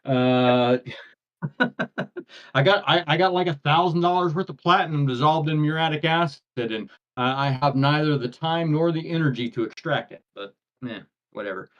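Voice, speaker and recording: Guy rambling on a podcast, kinda high voice, muffled lo-fi sound. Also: moderate pace, fairly bright tone. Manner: rambling, full of restarts and fillers. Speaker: podcast co-host. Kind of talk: casual chat. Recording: dull lo-fi audio.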